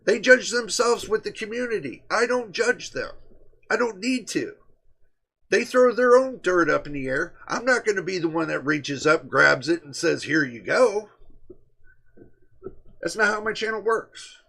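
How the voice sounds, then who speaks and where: A man's voice: sits high, lively intonation, moderate pace, vocal fry, sharp tone, husky. A man hosting a tech live stream, talking straight to his chat in an emphatic, repetitive way. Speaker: livestream host. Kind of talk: casual livestream chat.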